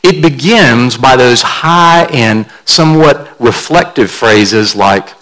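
A man's voice: medium pitch, takes it slowly, few pauses, a bit bright, low-quality recording. A man pastor delivering a sermon in a conversational, storytelling way, carefully explaining word meanings like a teacher.

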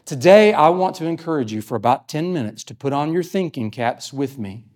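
A man's voice: a little high, expressive, fairly quick, darkish tone. A man preaching a sermon, earnestly explaining a scripture passage and reading verses aloud. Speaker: pastor. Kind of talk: sermon teaching.

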